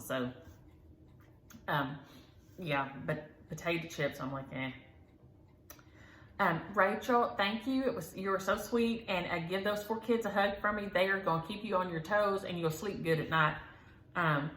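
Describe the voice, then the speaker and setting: A woman's voice: low voice, moderate pace, a bit bright, roomy sound, faint music behind. A woman hosting a stitching vlog, rambling in a folksy way with many ums as she chats to viewers from home. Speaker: flosstube host. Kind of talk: casual chat to viewers. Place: room at home.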